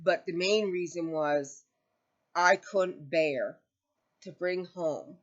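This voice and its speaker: A woman's voice: on the low side, slow pace, muffled recording. Rambling, emotional woman crafter. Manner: rambling, self-correcting storyteller; emotional, near tears. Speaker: crochet channel host. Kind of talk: casual chat to camera.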